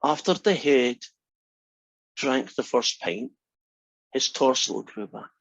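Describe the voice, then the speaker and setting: A man's voice: mid-range voice, lively intonation, slow, creaky, no echo. A male instructor talking his class through calculus in a chatty, joking way. The recording is dry and close, with dull, lo-fi sound. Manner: chatty and joking, talks through steps conversationally. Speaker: math instructor. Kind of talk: casual classroom lecture.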